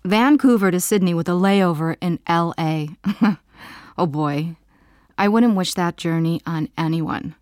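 A woman voicing a friendly, wry man in an audiobook, soft and a bit wistful. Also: lowish voice, unhurried, dry recording, studio quality, lightly acted.

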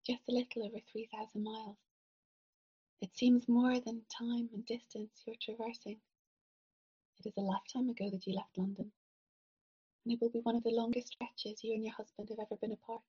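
A woman narrating a literary story in the second person, soft and measured, at times dropping to a whisper. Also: on the high side, level tone, husky, lo-fi sound. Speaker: audiobook narrator.

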